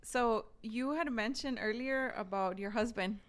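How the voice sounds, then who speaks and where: A woman's voice: a little high, measured pace. A woman hosting an interview, asking short questions and nodding along with brief sounds. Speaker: interviewer, host. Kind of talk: casual interview.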